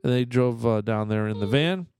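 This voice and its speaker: A middle-aged man trades jokes and family stories in relaxed podcast banter. His voice sits at a moderate pitch. The studio mic gives a close, dry sound. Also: moderate pace, clear, resonant tone, no room sound. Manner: joking, storytelling. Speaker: podcast co-host. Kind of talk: casual banter.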